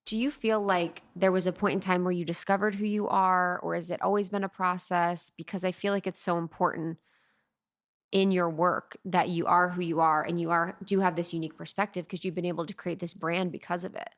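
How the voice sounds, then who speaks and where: A woman hosting a podcast interview, attentive and conversational, asking questions and murmuring soft affirmations. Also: lowish voice, fairly even intonation, fairly quick. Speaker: podcast host.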